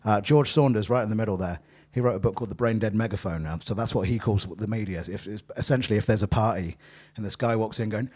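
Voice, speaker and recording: A man's voice: lowish voice, quick pace, a little mellow. A young man doing a live stand-up monologue between songs, rambling and self-mocking, full of ums and apologies. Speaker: comedian and musician. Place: live venue with an audience.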